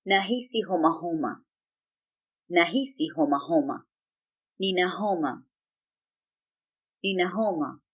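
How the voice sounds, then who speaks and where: Slow, deliberate woman teaching phrases. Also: on the low side. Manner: says each phrase twice, clearly and deliberately. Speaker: language teacher. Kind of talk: slow, careful lesson with repeated phrases.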